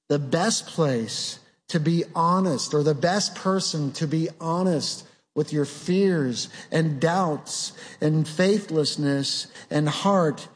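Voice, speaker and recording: A man preaching a sermon in an earnest way, asking rhetorical questions and dropping his voice low on key words. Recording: long hall reverb.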